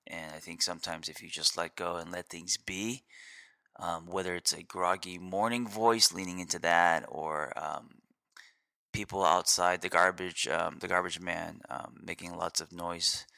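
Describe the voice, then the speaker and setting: A man, a therapist hosting his own show, talking casually and unscripted in a groggy early-morning voice, with a relaxed, rambling manner and many fillers. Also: deep voice, unhurried, creaky, dry recording, studio quality. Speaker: therapist and podcast host.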